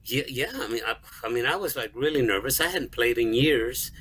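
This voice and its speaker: Earnest, halting middle-aged man telling a story. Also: medium pitch, a bit bright, breathy edge, low-quality recording. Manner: earnest, halting, repeats words and acts out quoted dialogue. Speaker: guest songwriter and music store manager. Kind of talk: emotional personal storytelling in an interview.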